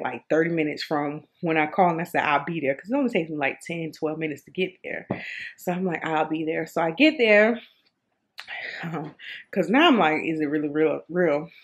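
A woman in her mid-thirties tells a personal story to her camera in a casual vlog. Her voice sits a little low, and she tells it in an animated, expressive way, often repeating herself and filling gaps with "um" and "like.". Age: 30s. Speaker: vlogger.

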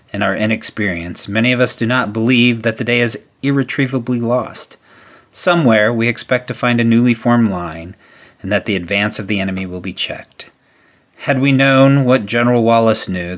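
A man reading a wartime memoir aloud as solemn, measured narration, letting his voice drop at the ends of lines. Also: fairly low pitch, fairly bright tone. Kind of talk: scripted narration.

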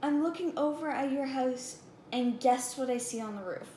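A woman's voice: high voice, normal speed, mellow, natural voice. Bossy little girl friend voiced by a woman, insistent and teasing, echoey room. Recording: echoey room, faint background hum.

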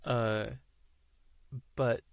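A man talking as a podcast guest, animated, laughing often and acting out the voices of people he quotes. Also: medium pitch, very slow, clear, resonant tone, dry recording, studio quality. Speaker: interview guest. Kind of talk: casual podcast conversation.

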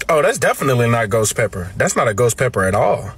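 A man from the United States giving comedic reaction commentary, loud and slangy, with exaggerated outrage and repeated protests. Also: medium pitch, big pitch swings, quick pace, breathy edge, low-quality recording. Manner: slangy, playful talk. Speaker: reaction video creator.

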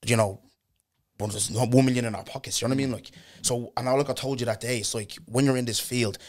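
A man's voice: medium pitch, steady tone, fast talker, a little mellow. A young man with an Irish accent hosting a podcast in blunt, slangy casual chat. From Ireland. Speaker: podcast host.

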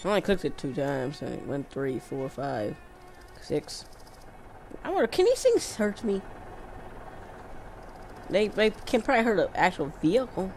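Woman, low-pitched, lively, rambling gameplay commentary, self-talk. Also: unhurried, pauses often, slight background noise. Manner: rambling, thinking aloud, mumbling to herself. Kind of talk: casual let's-play commentary.

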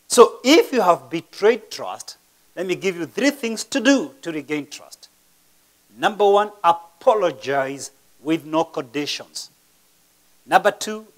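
A man preaching a sermon as pastor, asking the congregation rhetorical questions and using dramatic pauses and sharp swings between loud and soft. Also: sits high.

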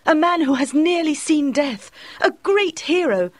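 A woman's voice: sits high, animated, measured pace, no echo. A woman playing a proud young woman who wants to marry a hero. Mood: wistful.

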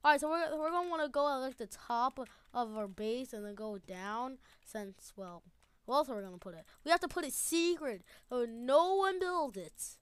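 A woman giving excitable gameplay commentary, laughing often and repeating her phrases. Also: high voice, moderate pace, clear, resonant tone, dry recording. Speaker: gamer.

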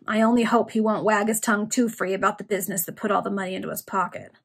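A greedy villainous gang boss from old London, voiced by a woman reading aloud. The tone is husky and breathy at a middle pitch, and the storybook reading stays plain. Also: steady tone, quick pace.

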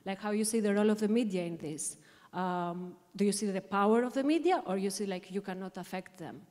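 A woman's voice: mid-range voice, brisk, a little mellow. Hesitant young woman asking a question. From Greece and Albania. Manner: hesitant, many fillers. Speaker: audience member asking a question. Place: large conference hall. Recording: long hall reverb.

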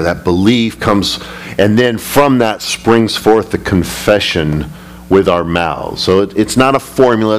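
Low-voiced man preaching with emphasis. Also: slight background noise. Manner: emphatic, rising high when retelling scripture. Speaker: pastor. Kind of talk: Bible study teaching. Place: church sanctuary.

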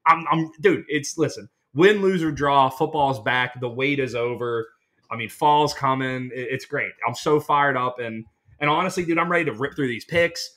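A young man from Pittsburgh co-hosting a casual sports-betting podcast, talking in an excitable, hyped-up way. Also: mid-range voice, moderate pace. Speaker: podcast co-host.

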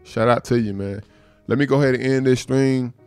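A man's voice: medium pitch, fairly even intonation, brisk, darkish tone, smooth, dry recording, faint music behind. A man hosting a casual livestream chat, laid-back and profane, often repeating filler phrases. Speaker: livestream host.

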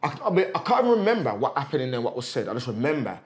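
A man's voice: medium pitch, very animated, rapid-fire. Heartfelt English man telling a story. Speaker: podcast co-host. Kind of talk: casual podcast chat.

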